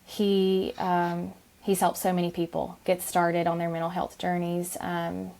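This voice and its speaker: A woman in her thirties with a lower, gravelly voice talks through an interview softly. She hesitates often, filling gaps with ums and starting sentences over. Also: monotone, measured pace. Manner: soft-spoken, many ums and restarts. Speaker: podcast guest. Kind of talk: conversational interview.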